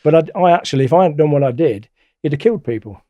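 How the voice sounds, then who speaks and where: A middle-aged man, a guest telling stories in a blunt, colloquial, animated way. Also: a little high, rapid-fire, dry recording, dull audio. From England. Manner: blunt, colloquial, animated retelling with acted-out quotes. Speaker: interview guest. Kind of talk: casual storytelling.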